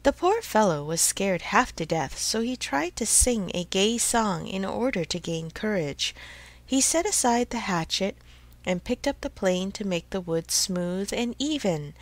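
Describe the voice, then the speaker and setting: A woman slowly narrating a storybook for English learners, in a clear, expressive reading. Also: mid-range voice, dry recording.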